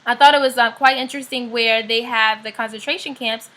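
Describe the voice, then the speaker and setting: Young woman, upbeat rambling vlogger, crisp bright tone, fillers throughout. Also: fairly high pitch, fairly even intonation, a little fast. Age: young adult. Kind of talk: casual vlog chat.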